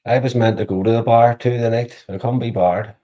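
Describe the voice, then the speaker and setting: A man's voice: mid-range voice, steady tone, brisk, warm tone, highs cut off. A man chatting casually on a livestream, crude and joking, swearing freely. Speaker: livestream co-host. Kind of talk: casual live chat.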